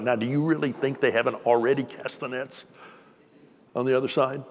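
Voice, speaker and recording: A pastor preaches briskly to a congregation, joking with them in a conversational tone. His medium-pitched voice has fairly even intonation, and the long reverb of a church hall surrounds it.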